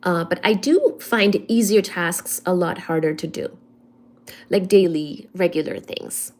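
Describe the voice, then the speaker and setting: A woman hosting a casual livestream, greeting viewers one by one by name and answering chat in a soft-spoken way with frequent ums. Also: fairly low pitch, unhurried. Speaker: livestream host reading chat.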